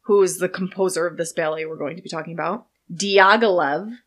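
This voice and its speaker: A woman's voice: lowish voice, fairly quick. A woman podcast host presenting a history segment casually, stumbling over foreign names. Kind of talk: casual chat.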